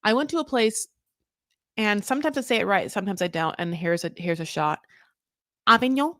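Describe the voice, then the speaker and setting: A woman from California in her thirties with an alto voice, chatting casually as a podcast host, animated and swearing freely as she laughs and trails off mid-thought. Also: mid-range voice, a little fast, no room sound, studio quality. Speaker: podcast host recapping reality TV. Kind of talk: casual chat.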